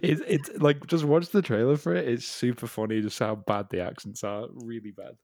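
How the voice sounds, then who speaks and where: A man's voice: medium pitch, moderate pace, no echo, clean studio sound. A man co-hosting a podcast in casual chat, telling stories with lots of laughter and the odd curse. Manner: laughing, swearing, animated storytelling. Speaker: podcast co-host.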